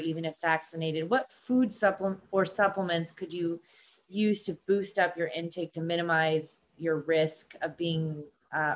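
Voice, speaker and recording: A woman moderating a webinar Q&A over a video call, upbeat and filler-heavy. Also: lowish voice.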